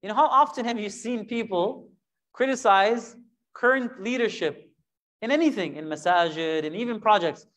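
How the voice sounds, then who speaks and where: Speaking at a normal speed in a high register, a man leads a Quran lesson with animation. He poses rhetorical questions throughout and now and then voices imagined characters.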